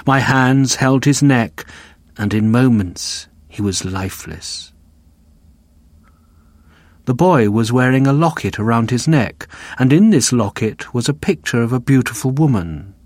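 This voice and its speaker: A man slowly reading a simplified classic novel aloud for learners, including the page numbers, in an even, deliberate voice. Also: medium pitch, no room sound. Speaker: audiobook narrator. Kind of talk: reading a graded reader aloud.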